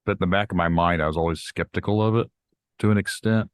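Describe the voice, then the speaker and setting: A man hosting a podcast, talking in a relaxed, hesitant way with frequent hedging. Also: deep voice, fast, clean tone. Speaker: podcast host. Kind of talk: casual podcast talk.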